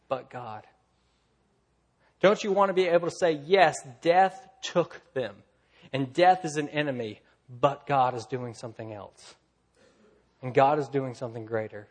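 A man preaching a sermon, swinging from loud, lively storytelling to quiet, low emphasis. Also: measured pace. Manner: earnest preaching, rising loud in stories, dropping soft and low. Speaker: pastor.

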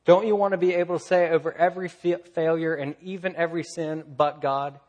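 A man preaching a sermon, swinging from loud, lively storytelling to quiet, low emphasis. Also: fairly quick, muffled recording. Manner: earnest preaching, rising loud in stories, dropping soft and low. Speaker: pastor.

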